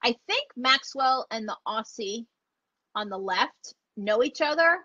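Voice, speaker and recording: A woman's voice: on the high side, expressive, a little slow, bright, forceful tone, no room sound. A woman dog trainer teaching online, chatty and enthusiastic, acting out the dogs as she explains. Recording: dull lo-fi audio.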